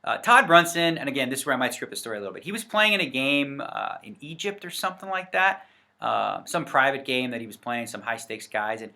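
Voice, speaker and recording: Guy rambling to the camera, bright forceful voice, lots of um and you know, self-corrects a lot. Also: mid-range voice, very animated, a little fast, creaky. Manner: chatty, rambling, with frequent fillers and self-corrections. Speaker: poker vlogger. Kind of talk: casual to-camera rant. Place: indoors in front of a set backdrop. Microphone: facing the camera.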